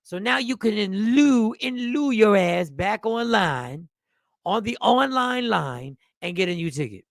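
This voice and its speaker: A man doing a mocking comedic rant, repeating phrases and dropping to low mutters between loud bursts. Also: a little slow, gravelly, dry recording, clean studio sound. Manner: mocking, repetitive, animated with sudden drops to mutters. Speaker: comedian reacting to a clip.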